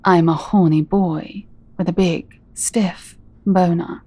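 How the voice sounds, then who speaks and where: Very slow, breathy, commanding woman. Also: lowish voice, fairly even intonation, no room sound. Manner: teasing, commanding, slow and deliberate; soft-spoken, drops into breathy whispers. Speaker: audio role-play performer. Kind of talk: scripted dominant audio role-play.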